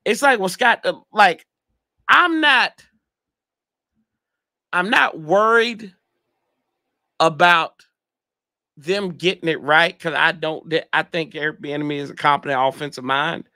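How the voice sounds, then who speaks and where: A man's voice: fairly high pitch, measured pace, pauses often, bright, forceful tone, dry recording. Male fan-show host, casual slangy rambling, answers chat, dry close mic. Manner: rambling, reads chat comments aloud, slangy. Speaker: podcast host reading live chat. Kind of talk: casual sports fan livestream.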